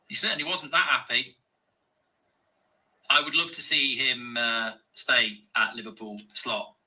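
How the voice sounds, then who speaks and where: A man reacting to a football match live as a fan channel host, exasperated and swearing, often breaking into shouted rants. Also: on the high side, rough recording. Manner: swearing, exasperated, ranting at the game.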